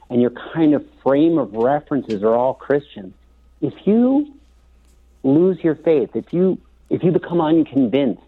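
Earnest man on a tinny phone line. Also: medium pitch. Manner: earnest, reflective, with restarts. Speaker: call-in guest. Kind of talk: radio interview over the phone. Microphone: telephone.

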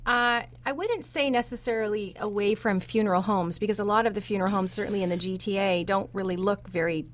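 A woman's voice: medium pitch, fast talker, few pauses. A woman, a guest on a radio talk show, chatting with good humor in a studio. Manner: good-humored, laughing easily. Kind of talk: casual radio chat.

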